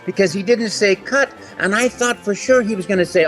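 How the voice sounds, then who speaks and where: A man's voice: sits high, a little fast, soft background music. A man, a voice actor, telling stories in a casual interview and acting out the voices. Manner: animated, acts out voices in anecdotes. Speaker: voice actor guest.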